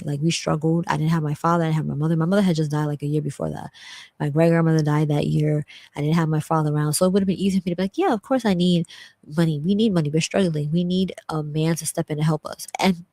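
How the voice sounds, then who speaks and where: Low-voiced woman, earnest candid storytelling. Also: darkish tone, dry recording. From grew up in US housing projects. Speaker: vlogger. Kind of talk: candid personal commentary.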